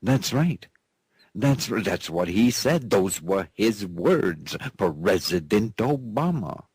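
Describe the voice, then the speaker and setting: A man hosting a news show, delivering headlines with deadpan, drawn-out sarcasm. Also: low voice, faint music behind. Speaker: show host.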